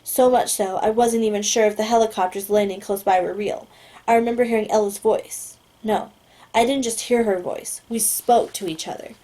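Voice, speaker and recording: Female audiobook reader, first-person narration, mid-range pitch, steady reading with the odd self-correction. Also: normal speed.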